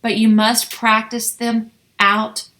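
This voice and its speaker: Slow, bright-voiced woman teaching Spanish numbers. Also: fairly high pitch, completely flat delivery. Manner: slow and encouraging, drilling numbers aloud. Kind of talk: classroom lesson.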